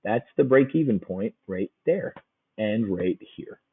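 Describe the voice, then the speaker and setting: A man's voice: on the low side, expressive, unhurried, husky, phone-quality sound. A man giving a casual options trading lesson, folksy and joking, hammering points home with repetition.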